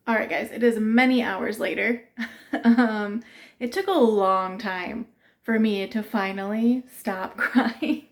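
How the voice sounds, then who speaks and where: Woman, 30s, casual vlog talk, chatty, frequent little laughs, slightly high voice. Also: a little slow. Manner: chatty, laughs often between words. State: teary, crying while laughing. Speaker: vlogger.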